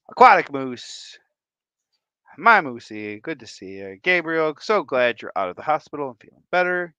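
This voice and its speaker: A playful man from Michigan runs a casual livestream, swinging his voice up and down as he jokes through shout-outs. The sound is dry and close, with a dull, lo-fi edge. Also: on the high side, animated, clean tone, no room sound. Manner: playful and goofy, drawn-out silly repetitions. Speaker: livestream host.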